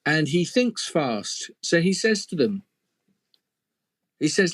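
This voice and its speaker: A man's voice: a little high, slow pace, pauses often, no echo. Man telling a fairy tale aloud. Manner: conversational, lively asides to the listener. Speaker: storyteller. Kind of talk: oral storytelling.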